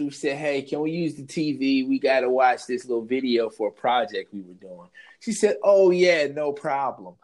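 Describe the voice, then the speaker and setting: A man's voice: mid-range voice, mellow. A young man telling a school story in casual chat, laid-back and slangy, laughing as he goes. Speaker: co-host.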